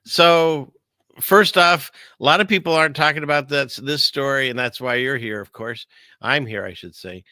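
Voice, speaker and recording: A man's voice: mid-range voice, moderate pace, sharp tone, dry recording, studio quality. A man hosting a casual livestream, rambling through news stories with jokes and chatting with viewers. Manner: rambling, jokey, reads chat aloud. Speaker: online show host.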